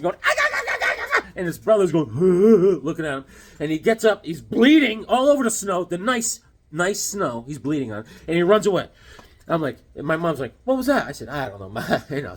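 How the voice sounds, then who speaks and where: A middle-aged man talks through his comic finds in a loose, chatty way. His voice is a little husky and sits on the higher side for a man. He swings it up and down a lot while he tells stories and acts out the people in them. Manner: animated storyteller, acts out voices. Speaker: comic book vlogger. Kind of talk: casual show-and-tell chat.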